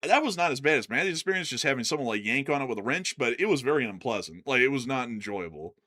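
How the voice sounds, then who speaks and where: A man co-hosting a livestream, telling stories in an animated, casual way and laughing often. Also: medium pitch, fast talker. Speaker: co-host of a news livestream. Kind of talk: casual chat.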